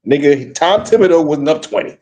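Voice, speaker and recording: A man hosting a podcast, talking about basketball in animated, profane casual banter with frequent restarts. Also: fairly high pitch, fairly quick. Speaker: podcast host.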